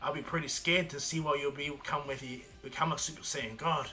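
A man's voice: a little high, fairly even intonation, a little fast, pushed and bright, soft background music. A man voicing a cocky male god of destruction in a casual fan story retelling, speaking in a laid-back, boastful way. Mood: amused.

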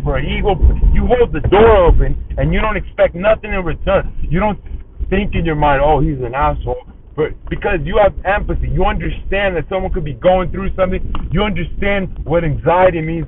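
Guy ranting and moralizing, kinda high voice, sounds like it's over a phone. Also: a little hiss or hum. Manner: preachy, repeats himself, moralizing about society. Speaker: self-styled spiritual counselor. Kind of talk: casual spoken monologue. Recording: tinny phone-like audio.

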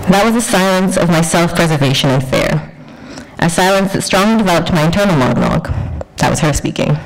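Measured woman giving an academic paper. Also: fairly low pitch, animated, poor audio. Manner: measured, poetic, deliberate pauses. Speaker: curator and researcher.

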